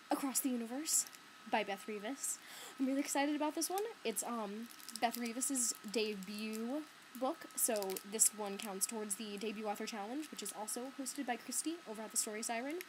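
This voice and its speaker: A woman's voice: a little high, noisy background. A teenage girl chatting in her bedroom about books, full of "like" and "um", recorded on a laptop webcam. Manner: chatty, filler-heavy, lots of "like" and "um". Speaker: book vlogger. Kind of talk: casual vlog chat. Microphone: laptop webcam mic.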